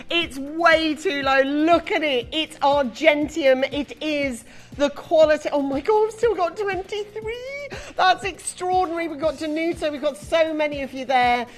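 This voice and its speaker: British shopping-channel host, bright higher voice, excitable and self-mocking, faint music behind. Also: female voice. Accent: British English. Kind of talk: live TV selling. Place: TV studio.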